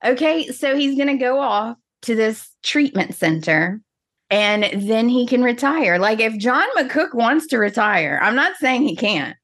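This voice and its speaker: A woman's voice: on the high side, expressive, unhurried, a bit bright. A woman co-hosting a podcast, chatting casually and venting dramatically with playful energy. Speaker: podcast co-host. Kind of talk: casual chat.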